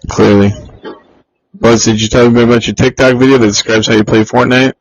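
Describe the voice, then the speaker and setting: A man's voice: mid-range voice, fast, husky, dull audio. A man co-hosting a casual podcast, teasing his friends and swearing freely. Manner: profane, teasing, animated impressions. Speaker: podcast co-host. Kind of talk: casual chat.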